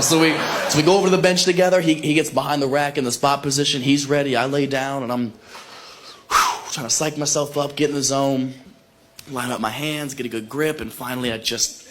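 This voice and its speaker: A young man doing stand-up, telling a story in an animated way with stammering restarts, recorded live on a stage with room noise. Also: medium pitch, brisk. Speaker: stand-up comedian.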